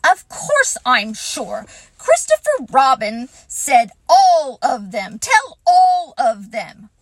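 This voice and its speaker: A fussy, self-important owl pipes up high and insistent, as a woman puts him on. His voice swoops with emphasis, close and dry. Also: very animated, takes it slowly, no echo, heavily acted.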